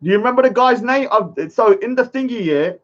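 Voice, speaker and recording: A man's voice: very high-pitched, lively intonation, brisk, fairly bright tone, muffled recording. A young man ranting indignantly on a live stream, often checking in with "yeah?". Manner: indignant, repetitive, addresses viewers with "yeah?". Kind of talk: heated live-stream rant.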